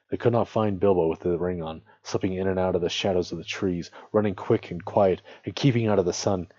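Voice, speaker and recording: A man reading a storybook aloud on his stream, voice strained and hoarse, with small slips and self-corrections. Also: deep voice, dark tone, no echo, dull audio.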